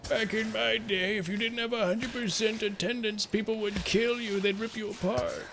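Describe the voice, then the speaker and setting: A man's voice: high voice, fairly even intonation, normal speed, creaky, noisy background, pitched above the performer's own voice. A man putting on the voice of a cranky old man who grumbles about the old days. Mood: grumpy.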